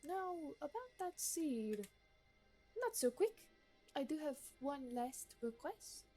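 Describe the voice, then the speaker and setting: A woman voicing a snobbish, demanding gourmet woman in a put-on French accent, reading game dialogue aloud in a drawn-out, theatrical way. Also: sits high, sing-song, dark tone, soft background music, pitched above the performer's own voice, exaggerated voice. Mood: imperious.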